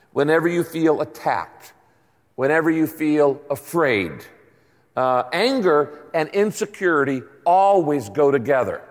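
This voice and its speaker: Older male pastor, fairly high voice, chatty emphatic preaching, long hall reverb. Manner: conversational preaching with emphatic asides. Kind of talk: sermon.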